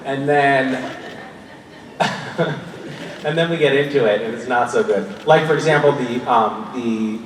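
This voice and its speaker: A man's voice: mid-range voice, slow pace, pauses often. Forties male panel guest, casual and self-deprecating, laughs a lot; distant and roomy recording. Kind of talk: casual Q&A storytelling. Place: large convention hall. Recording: echoey hall recorded from far off with noise.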